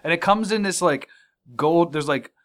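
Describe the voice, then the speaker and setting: Man, podcast co-host, casual beer-tasting banter, jokey, sudden loud outbursts, studio mic. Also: on the high side, normal speed. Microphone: studio microphone.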